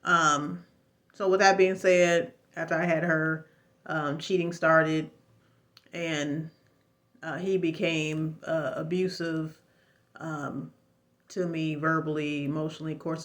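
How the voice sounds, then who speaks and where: A woman speaks straight to the camera in a casual personal testimony, her voice bright and sharp. She rambles and restarts, then drives her points home with emphatic, preachy exclamations. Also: deep voice, flat delivery, a little slow. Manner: rambling with frequent fillers and restarts. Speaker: vlogger sharing a personal story.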